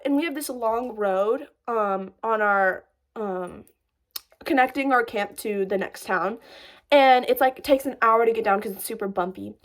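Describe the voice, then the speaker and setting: Animated high-voiced young woman telling a story. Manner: breathless, animated, lots of "like", laughs while telling. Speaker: storyteller vlogger. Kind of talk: casual storytime vlog.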